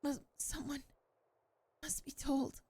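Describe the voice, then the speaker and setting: A woman voicing a desperate ally who urgently begs for help in a hushed voice, reading game lines aloud. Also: sits high, flat delivery, slow pace, pitched above the performer's own voice. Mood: pleading.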